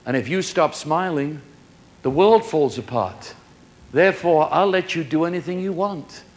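A man's voice: on the high side, normal speed. A man preaching a sermon, acting out little dialogues between people in changing voices.

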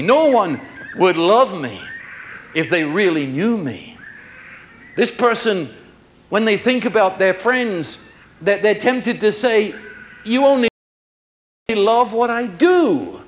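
A man preaching a sermon, acting out little dialogues between people in changing voices. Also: on the high side.

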